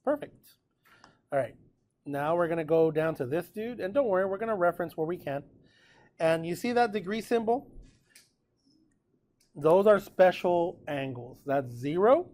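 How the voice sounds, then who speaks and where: Guy teaching math class, kinda high voice, laid back, keeps asking "cool or not cool". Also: normal speed, long pauses. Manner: relaxed and chatty, checks in with students often. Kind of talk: classroom lecture recorded with notes.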